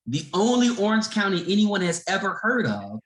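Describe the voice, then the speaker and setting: A middle-aged man from Chicago telling a story as a podcast guest, animated and acting out the people in it. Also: high-pitched, moderate pace. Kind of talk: casual storytelling. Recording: roomy echo.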